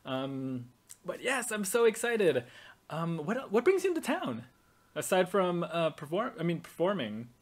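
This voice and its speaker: A game master voicing an excitable older baroness who fusses over her guests and presses food on them. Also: mid-range voice, moderate pace, close to an everyday voice. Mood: gushing. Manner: gushing, eager to please, pushy with food.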